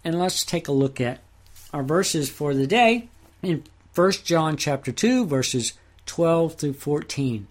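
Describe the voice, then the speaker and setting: Male Bible Greek teacher for a podcast, measured and slow, voice sitting a little high. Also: animated. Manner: slow, deliberate reading of verses and grammar terms.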